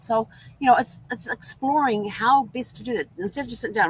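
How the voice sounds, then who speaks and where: A woman's voice: a little high, fairly quick, husky, low-quality recording. Chatty New Zealand woman vlogging. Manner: upbeat, rambling, acts out her own past words. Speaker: vlog host. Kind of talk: casual live-stream chat.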